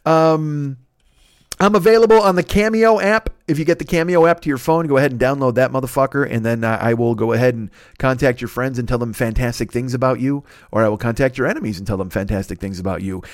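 A man's voice: medium pitch, fast, no echo. Male podcast host doing his own plugs, casual and swearing, dry close mic. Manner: loose, profane, rambling with self-corrections. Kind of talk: casual plugs and sponsor reads.

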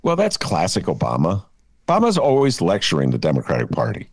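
Animated middle-aged man, lively swinging pitch. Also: brisk, dry recording. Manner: animated, self-mocking, swings between mumbling low and excited high. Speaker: podcast co-host. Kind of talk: casual political chat.

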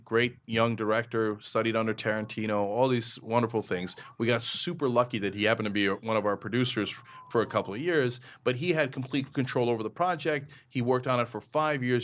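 A man being interviewed on a podcast, talking in an emphatic, quick way and breaking often into mimicry and laughter. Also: on the low side, fairly bright tone. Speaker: interview guest, media founder. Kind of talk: animated podcast conversation.

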